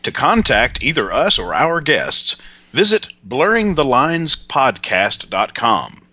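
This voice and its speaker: A man's voice: mid-range voice, sing-song, slow, pushed and bright, husky, no echo. A man reading a scripted podcast outro in an upbeat promotional manner.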